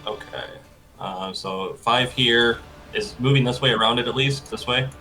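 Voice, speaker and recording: A man's voice: mid-range voice, unhurried, sharp tone, soft background music. A man playing a tabletop game, talking hesitantly and thinking aloud about his moves. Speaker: player. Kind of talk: casual chat.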